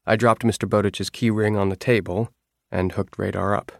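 A man reading a first-person story aloud in a measured, wry storytelling manner. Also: fairly low pitch, fairly even intonation, creaky, dry recording, clean studio sound. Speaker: audiobook narrator. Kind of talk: scripted first-person narration.

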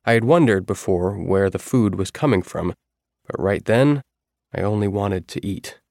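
Male audiobook narrator, low voice, dry close sound, measured first-person storytelling. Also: creaky, a little mellow, dry recording.

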